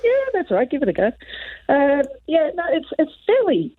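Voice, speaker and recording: A woman's voice: high voice, sing-song, normal speed, no echo. Easygoing Australian woman on a phone line. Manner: friendly, easygoing, chatty. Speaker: caller. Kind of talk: phone-in chat.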